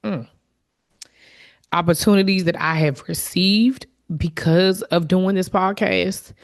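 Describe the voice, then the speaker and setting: A woman's voice: on the low side, steady tone, slow. A woman hosting her own podcast, talking candidly and from the heart in a reflective solo monologue, with fillers and restarts. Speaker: podcast host.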